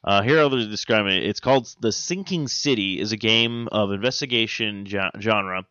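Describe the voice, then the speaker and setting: A man hosting a casual podcast, joking and crude, often pausing with "uh" and "um". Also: lowish voice, pushed and bright, smooth, no echo, muffled recording. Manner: joking, crude, fills pauses with "uh" and "um". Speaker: podcast host. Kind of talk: casual chat.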